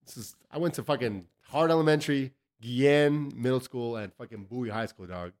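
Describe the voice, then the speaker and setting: A man from El Paso, Texas, hosting a podcast in loud, joking, profane casual chat and laughing often. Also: medium pitch, a little fast. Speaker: podcast host.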